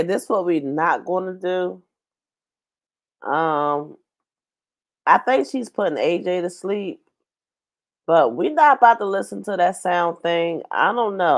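Slow, sassy woman reaction host. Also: on the low side, lively intonation. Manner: sassy, blunt, gossipy. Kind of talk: reaction commentary.

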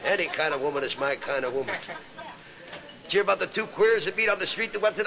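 A man doing a brash stand-up comedy routine with rapid-fire insult jokes. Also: high voice, expressive, gravelly, sharp tone, low-quality recording.

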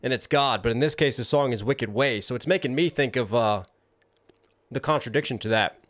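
A man's voice: medium pitch, fairly quick, fairly bright tone. Enthusiastic man breaking down rap verses. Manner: enthusiastic, breaks down rhymes and flows, hums along. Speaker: music reaction streamer host. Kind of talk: live reaction commentary.

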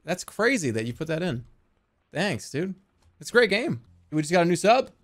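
Male streamer, casual game commentary, high and very lively voice, prone to shouting. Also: normal speed. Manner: excitable, swears, loud shouting outbursts.

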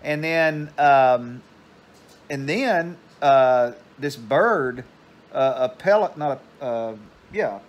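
A man's voice: mid-range voice, animated, slow pace, muffled recording. Older man telling a rambling story. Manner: meandering, digressive. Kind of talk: casual rambling anecdote.

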